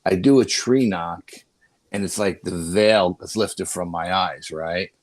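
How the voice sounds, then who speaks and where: An older man with a low, deep voice tells a long story as a guest. He rambles casually, restarting his sentences and filling gaps with "you know". The sound is close and dry, with no room around it. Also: measured pace, dry recording. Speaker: paranormal investigator guest.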